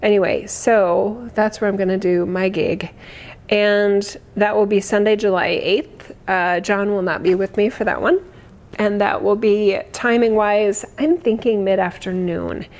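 A woman in her forties, hoarse today, chatting effusively on a livestream, laughing often as she reads comments. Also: medium pitch, fairly even intonation, a little slow, a little mellow. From United States. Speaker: livestream host. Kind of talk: casual livestream chat reading comments.

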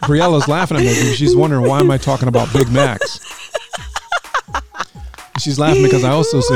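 A man's voice: mid-range voice, a little fast, pauses often. A man hosting a radio show as the DJ, rambling and joking in a casual, chatty way from a studio. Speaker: radio DJ host. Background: music playing.

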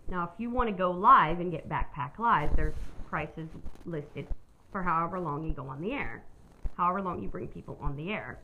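A woman's voice: fairly low pitch, narrow, tinny audio, slight background noise. A woman hosting her own podcast, telling a personal story in a candid, rambling way and swearing freely. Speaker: podcast host.

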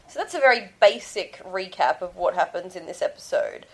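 A woman hosting a casual fan podcast, chatty and giggly, getting animated when she retells scenes. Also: lowish voice, brisk, few pauses. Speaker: podcast host.

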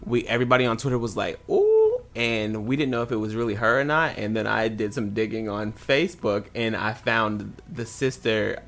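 A man co-hosting a podcast, chatting casually about reality TV gossip and breaking into high laughs. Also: a little fast, few pauses. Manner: animated, bursts into high laughs. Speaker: podcast co-host.

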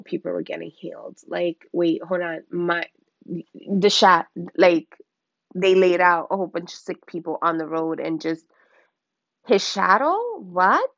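A woman hosting a podcast episode of casual Bible teaching. She talks in an excitable, rambling way, with many exclamations, on a slightly muffled lo-fi recording. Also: mid-range voice, vocal fry, no room sound. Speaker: podcast host.

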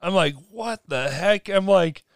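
A man telling stories in casual conversation, animated and laughing often. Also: sits high, unhurried, no room sound.

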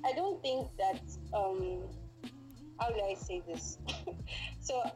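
A woman's voice: mid-range voice, animated, takes it slowly, mellow, faint music behind, rough recording. Woman guest chatting, rambly, lots of likes and ums. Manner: rambling, thoughtful, many fillers. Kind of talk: casual chat.

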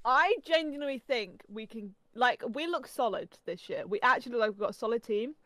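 A woman's voice: a little high, expressive, fairly bright tone, no echo. Chatty young Englishwoman, dry close sound. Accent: English, softened Norfolk. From England. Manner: chatty, lots of "like", quick to laugh. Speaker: podcast co-host. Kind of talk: casual podcast chat.

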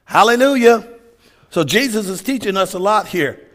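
A man preaching a fervent sermon, shouting his points and calling out hallelujahs. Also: high voice, lively intonation, normal speed.

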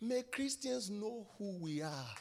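A man preaching a sermon with emphatic repetition, swinging from loud shouts down to hushed whispers. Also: high-pitched, very animated, slow pace, big-room sound, slight background noise.

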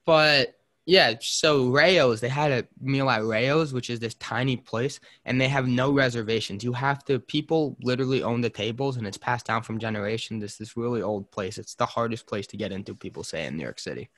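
A man's voice: medium pitch, fairly quick, a bit bright. A man hosting a casual podcast chat, rambling between topics with frequent fillers and restarts. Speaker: podcast host.

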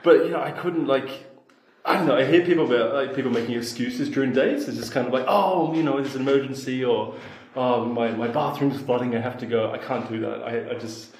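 A man, a podcast guest telling a dating story in a relaxed, self-deprecating way, laughing along. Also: mid-range voice, fairly quick, echoey room, slight background noise, poor audio. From Australia. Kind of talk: casual storytelling chat.

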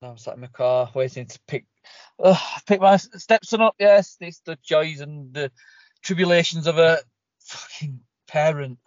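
A man's voice: a little high, normal speed, dry recording, muffled recording. A man co-hosting a casual podcast from his parked car, laid-back and a bit sheepish, often laughing. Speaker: podcast co-host.

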